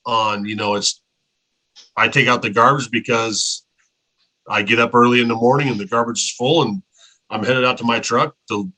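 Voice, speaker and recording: Man, podcast co-host, bright forceful voice, earnest, rambling, repeats words. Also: medium pitch, steady tone, normal speed, poor audio. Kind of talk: casual podcast interview.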